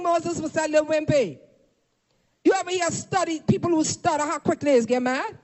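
A woman preaching a fervent sermon to a congregation, shouting at peaks and calling for responses, filmed for a camera. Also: high voice, animated, moderate pace. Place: church or meeting hall. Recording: long hall reverb.

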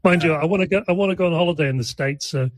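A man talks as a guest on a radio talk show, chatty and wry, with a somewhat raised pitch. His voice is dry and close to the mic, with no room around it. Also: rapid-fire, dry recording, low-quality recording. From United Kingdom.

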